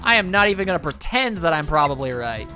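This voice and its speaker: A woman's voice: deep voice, very animated, fast, bright, forceful tone, faint music behind. A woman hosting a game playthrough with chatty, self-deprecating asides and a strained voice. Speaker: let's play host.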